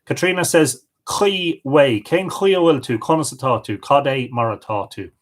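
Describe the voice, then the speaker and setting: A man's voice: mid-range voice, unhurried. A middle-aged man with an Irish accent, hosting a livestream in a chatty way and reading out viewer comments. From Ireland. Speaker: livestream host. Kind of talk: casual live-stream greetings.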